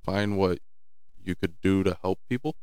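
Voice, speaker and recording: A man's voice: sits low, normal speed, darkish tone, clear, resonant tone, dry recording, studio quality. A twenty-year-old man talking casually as a guest in an interview about his business, often repeating and restarting his words.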